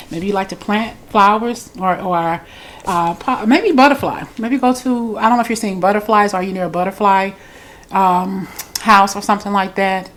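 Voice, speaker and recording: A woman's voice: on the low side, slight background noise. A woman with a congested voice, giving a chatty, loose spiritual reading straight to her viewers. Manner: chatty, loose, repeats herself. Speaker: tarot reader.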